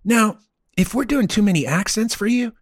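A man with a Midwestern American accent tinged by Texas, co-hosting a podcast in casual comedic chat, animated, laughing and swearing. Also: sits high, moderate pace, dry recording, clean studio sound. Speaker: podcast co-host.

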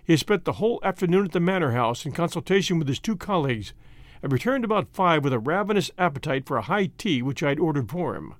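A man reading a storybook aloud in scripted, expressive narration. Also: on the high side, fast, dry recording. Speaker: audiobook narrator.

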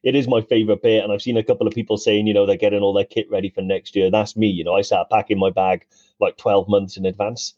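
A man's voice: lowish voice, flat delivery, fast talker, mellow, no echo, dull audio. A man co-hosting a casual live-stream chat, rambling and laughing often.

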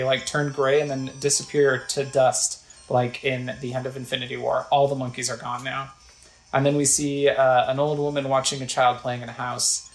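A game player casually narrating gameplay in a rambling, conversational way. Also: mid-range voice. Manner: rambling, conversational, filler-heavy. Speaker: let's play narrator. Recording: echoey room with faint music.

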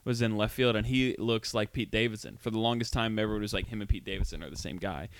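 A man's voice: fairly low pitch, fast talker, creaky, smooth, dry recording. A young man co-hosting a casual podcast, easygoing and joking as he tells stories. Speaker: podcast co-host. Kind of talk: casual chat.

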